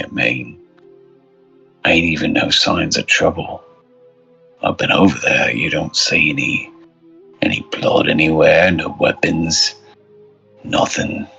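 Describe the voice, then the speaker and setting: A man voicing a shifty male cart hauler with a low, soft Cockney voice. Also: creaky, husky, lo-fi sound, exaggerated voice. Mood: hushed.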